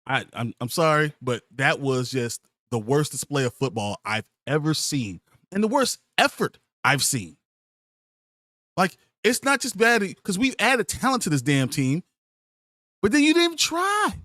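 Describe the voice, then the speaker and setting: Man ranting, pitch swinging up high. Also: animated, unhurried, pushed and bright, no room sound, studio quality. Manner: exasperated, profane ranting. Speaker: podcast host. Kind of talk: ranting sports podcast.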